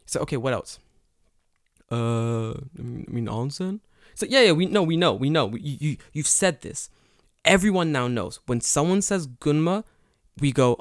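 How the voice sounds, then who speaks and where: A man's voice: on the high side, normal speed, no echo. Guy on a podcast going off about stuff, lots of swearing, dry close sound. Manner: profane, animated ranting. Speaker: podcast co-host. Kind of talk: casual podcast chat.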